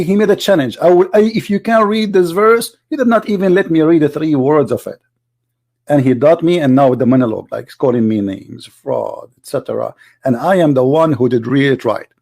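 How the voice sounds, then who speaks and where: A man's voice: on the high side, fairly quick, gravelly, a little mellow. A man with an English, mocking and argumentative, commenting over a replayed debate video and repeating his points. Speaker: online debate host.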